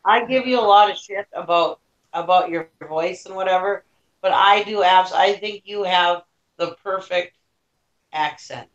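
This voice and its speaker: A woman's voice: fairly low pitch, a little slow. A woman in a casual group chat, chatty and teasing, laughing often. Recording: dull lo-fi call audio with faint noise.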